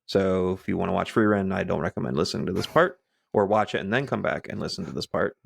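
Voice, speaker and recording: Rambling, lower-voiced male podcast co-host. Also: fast, creaky. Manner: rambling, many restarts and fillers. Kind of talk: casual chat.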